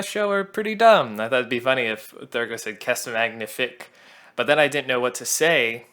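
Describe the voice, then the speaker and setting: Male songwriter, mid pitch, bright tone, laid-back self-mocking commentary. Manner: chatty, laughs at his own jokes, self-deprecating. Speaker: songwriter commenting on his own musical. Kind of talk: casual creator commentary.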